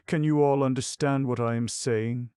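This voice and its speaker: A man's voice: mid-range voice, steady tone, normal speed, warm tone, clear, resonant tone, dry recording, clean studio sound, pitched above the performer's own voice, natural voice. A man voicing a tender young woman coaxing frightened children with a story, in an audiobook reading. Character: gentle young woman soothing trapped children.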